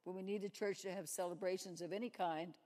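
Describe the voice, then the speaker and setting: A woman's voice: fairly low pitch, steady tone, fast talker, dark tone. A woman giving a sermon-like testimony at a church service, telling stories and acting out the dialogue. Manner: storytelling, acts out dialogue. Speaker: lay speaker at a church service. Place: church sanctuary. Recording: long reverb in a church hall.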